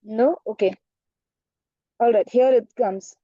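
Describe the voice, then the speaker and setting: A woman's voice: fairly high pitch, takes it slowly, dark tone, no room sound, highs cut off. A woman teacher telling a story in an online class, often asking questions and checking "right?". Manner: asks the class questions, frequent "right?" and "okay". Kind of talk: storytelling lesson for children.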